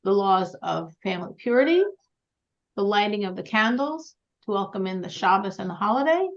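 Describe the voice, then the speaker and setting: A woman's voice: mid-range voice, lively intonation, moderate pace. A woman teaching a religious class, telling stories earnestly and putting questions to the group. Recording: dull lo-fi sound.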